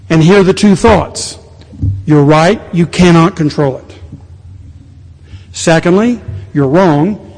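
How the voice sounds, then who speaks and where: A middle-aged male pastor preaching a sermon, animated with sudden quiet asides. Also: a little high. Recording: long reverb of a large hall.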